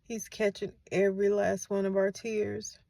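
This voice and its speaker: A tearful woman in her forties talks softly with a gravelly edge and a fairly even, flat pitch. She repeats phrases to comfort her listeners, and the sound is dry and close. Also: moderate pace, no echo. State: tearful, has been crying. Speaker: grieving mother, channel host. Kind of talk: heartfelt faith-based vlog.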